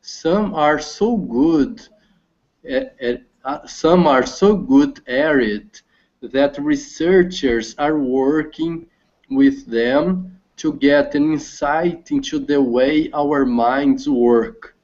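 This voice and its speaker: A man learning English, reading a text aloud over a video call with halting restarts. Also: a little high, a little mellow. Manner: halting, restarts words, careful slow reading. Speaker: language student. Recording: dull lo-fi call audio.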